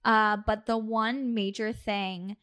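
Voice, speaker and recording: A woman's voice: medium pitch, slow pace, clean tone. A woman co-hosting a podcast, telling a personal story in casual chat and acting out the quoted dialogue. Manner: animated, acts out quoted dialogue, laughs often. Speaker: podcast co-host.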